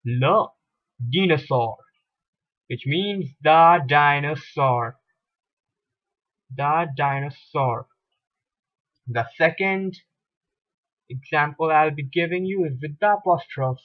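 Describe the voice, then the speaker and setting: Man, French teacher, very slow lecture, repeats himself, muffled lo-fi recording. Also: fairly high pitch. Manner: deliberate, hesitant with fillers and repetitions. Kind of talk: slow lecture explaining grammar at a board.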